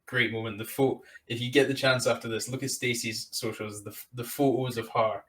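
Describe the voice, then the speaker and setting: A man's voice: mid-range voice, fairly even intonation, brisk, a bit bright, distant mic. A British man hosting a podcast, recapping his guest's story with rambling enthusiasm. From Britain. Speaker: podcast host. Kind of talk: conversational podcast interview.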